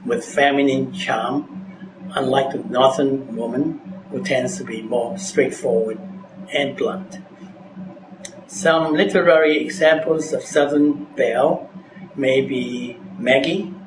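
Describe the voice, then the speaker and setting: Slow, measured male teacher in echoey room. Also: mid-range voice. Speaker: English teacher. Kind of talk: scripted vocabulary lesson narration. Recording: echoey room with background noise.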